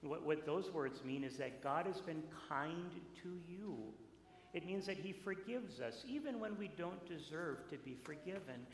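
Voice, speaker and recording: A man, a pastor giving a playful children's message in a church, speaking gently with many fillers. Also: fairly high pitch, expressive, moderate pace. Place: church sanctuary. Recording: echoey church with room noise.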